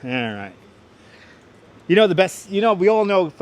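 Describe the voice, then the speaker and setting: High-pitched, with big pitch swings and a normal speed, this man's voice carries his live walking stream. Out on a city street with a wireless clip-on mic, he chats casually, rambling and repeating himself often.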